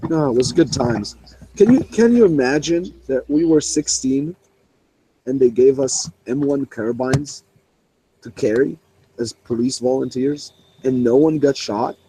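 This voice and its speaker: A man's voice: mid-range voice, a little slow, warm tone, slight background noise, rough recording. A young man swearing freely as he tells a rambling story in a casual online voice chat. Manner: profane, rambling, laughing.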